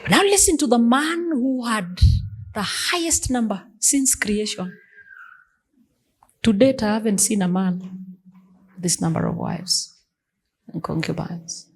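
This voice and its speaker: A woman's voice: fairly high pitch, animated, takes it slowly, pauses often, husky. A woman pastor, preaching an emphatic sermon that mixes English and Swahili.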